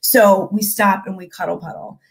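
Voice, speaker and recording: Excitable mom on a call. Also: female voice, medium pitch, creaky, slightly rough. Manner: animated, quick bursts of enthusiasm, frequent restarts. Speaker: guest. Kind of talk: casual interview chat.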